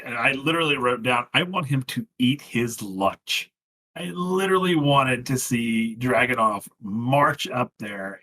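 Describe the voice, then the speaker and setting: A man on a casual podcast talks in earnest, circling back and restarting his sentences with lots of "you know." His voice sits at a middle pitch with a bright, forward edge. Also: low-quality recording. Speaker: podcast co-host. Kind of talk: casual wrestling recap chat.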